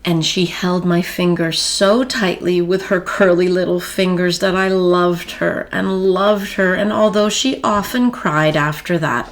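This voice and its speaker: A woman reading a children's story aloud in a gentle storytelling manner with expressive pauses. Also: lowish voice.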